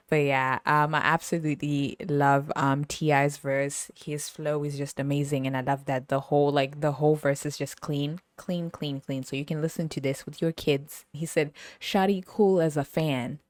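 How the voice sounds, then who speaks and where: A woman hosting a podcast, telling stories in an animated, casual way and laughing often. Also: sits low, moderate pace, dry recording. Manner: animated storytelling, laughs often, sings snippets. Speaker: podcast host. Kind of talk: casual chat.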